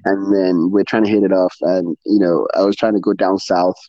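A man's voice: sits low, little pitch movement, moderate pace, no echo. A middle-aged man from Nigeria, an interview guest chatting candidly, rambling with lots of restarts and swearing, in muffled lo-fi audio. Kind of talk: candid casual chat.

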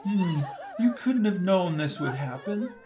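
A man's voice: sits high, lively intonation, measured pace, warm tone, echoey room, far from the mic, pitched above the performer's own voice. A man doing a pleading, preachy reverend. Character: calm pleading male church reverend. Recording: audiobook with music behind.

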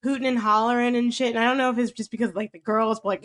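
Young woman w a really high voice, laughing and going oh my god a lot. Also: fairly even intonation, quick pace. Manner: laughing, exclamatory reactions. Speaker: podcast co-host. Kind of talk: casual chat.

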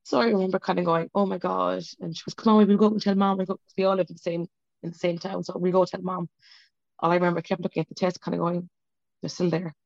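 A woman's voice: on the low side, little pitch movement, fast, vocal fry, a little mellow, dry recording, highs cut off. A woman, an interview guest, telling an emotional personal story in a rambling, self-interrupting way, speaking over a video call. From Ireland.

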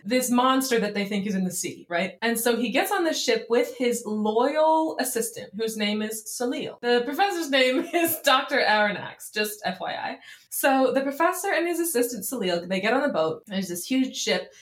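A woman's voice: on the high side, animated, moderate pace. Giggly young woman co-hosting a podcast. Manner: giggly, retelling a story with frequent laughter. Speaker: podcast co-host. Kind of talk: casual chat. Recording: roomy echo.

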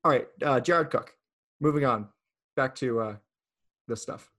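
A man's voice: medium pitch, unhurried, fairly bright tone. A man hosting a casual fantasy football chat, running down the player list and teasing his co-host in a playful way. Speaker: podcast host.

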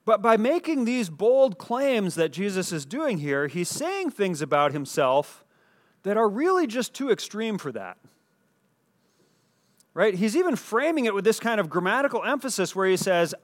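A man preaching a teaching sermon in an explanatory way, with fillers and restarts, slowing down to stress key words. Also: high voice, very animated. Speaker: pastor. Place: indoor teaching space with a screen.

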